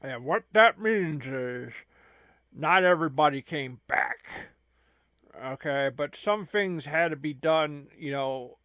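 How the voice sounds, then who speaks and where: A man's voice: a little high, animated, takes it slowly, sharp tone, no room sound. A man hosting a gaming channel, rambling and stammering through an improvised comedy skit. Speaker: channel host.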